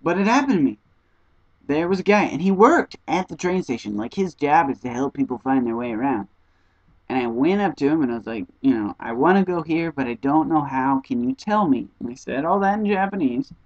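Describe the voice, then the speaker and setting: A young man, an exchange student, telling stories to the camera in an animated, casual vlog style, acting out conversations in high squeaky voices. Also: fairly quick, no echo, highs cut off.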